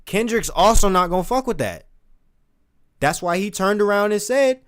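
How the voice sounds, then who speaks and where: A man giving casual, profane commentary as a streamer, breaking into recited lines with big swings in pitch and loudness. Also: animated, normal speed. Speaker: streamer discussing rap lyrics.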